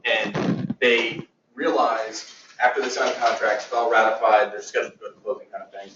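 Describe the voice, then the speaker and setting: A man's voice: fairly low pitch, flat delivery, brisk. Distant male student in a roomy classroom. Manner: hesitant storytelling with fillers. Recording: roomy, far from the mic, dull, faint noise.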